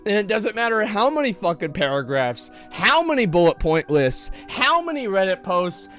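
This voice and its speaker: A man's voice: high voice, fairly bright tone. A male streamer giving live reaction commentary, blunt and profane, who stumbles over and repeats words when worked up. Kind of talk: live reaction commentary, reading posts aloud.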